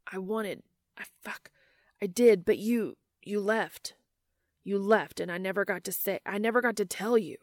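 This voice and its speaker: A woman's voice: mid-range voice, measured pace, no echo, studio quality, lightly acted. A woman voicing an emotional, guarded young man who talks in strained, broken-off phrases. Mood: desperate. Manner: strained, breaking off mid-sentence.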